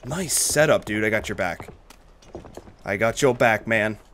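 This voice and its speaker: A man giving excitable, profane gameplay commentary, shouting battle cries while he plays. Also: fairly low pitch, a little slow, a little hiss or hum. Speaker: gaming YouTuber. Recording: game music and gunfire behind. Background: game music and gunfire.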